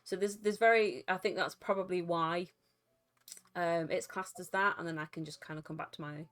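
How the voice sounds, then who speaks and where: A woman's voice: on the low side, fairly even intonation, normal speed, a bit bright. A woman streaming live, chatting casually with viewers in a rambling, giggly way with frequent restarts.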